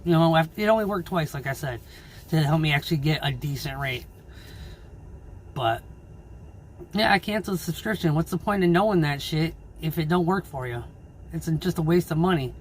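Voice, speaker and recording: Angry swearing trucker ranting. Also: male voice, fairly high pitch, moderate pace, long pauses, slight background noise. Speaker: owner-operator truck driver. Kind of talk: casual vlog rant. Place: in his truck.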